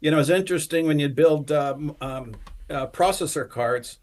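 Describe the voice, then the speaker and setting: Older man, casual chat, unhurried, lots of ums. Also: fairly high pitch. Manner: reminiscing, unhurried, with many fillers.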